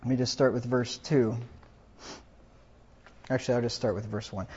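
A man's voice: medium pitch, flat delivery, moderate pace, pauses often, darkish tone, breathy edge, lo-fi sound. A man preaching a funeral sermon, reading scripture aloud with rising emphasis.

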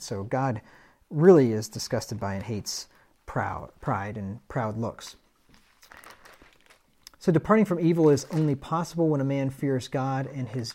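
A man's voice: mid-range voice, warm tone. Middle-aged male preacher, casual Bible study, reads verses aloud, self-deprecating chuckles. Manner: conversational, reads scripture aloud, chuckles at himself.

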